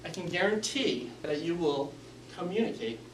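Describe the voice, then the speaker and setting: A man's voice: on the high side, lively intonation, normal speed, a little hiss or hum. A man giving a prepared club speech on speaking skills, with varied inflection and an instructive manner. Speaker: Toastmasters speaker. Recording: echoey room, mic from a distance.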